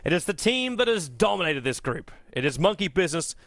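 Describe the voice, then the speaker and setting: A man's voice: high-pitched, very animated, brisk, a bit bright, dry recording. A man with an Australian accent, commentating an esports match and joking with his co-caster. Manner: jokey, laughs readily. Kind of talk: game commentary and banter.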